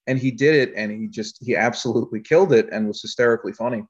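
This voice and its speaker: A man's voice: mid-range voice, fast, slightly rough. A man talking about his filmmaking in a casual interview, rambling, with frequent laughter. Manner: rambling storyteller, laughs often. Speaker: filmmaker guest. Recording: dull lo-fi audio.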